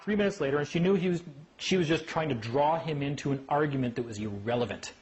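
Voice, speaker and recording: Animated man telling courtroom stories. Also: on the high side, fast, lo-fi sound. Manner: animated storyteller who acts out voices. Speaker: speaker on legal rights. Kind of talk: casual talk to a small group.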